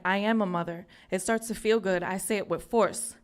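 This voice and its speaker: A woman from New York City reading her own prose poem at an open mic, in an earnest, measured way with pauses. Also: medium pitch, steady tone. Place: live open mic in a community venue.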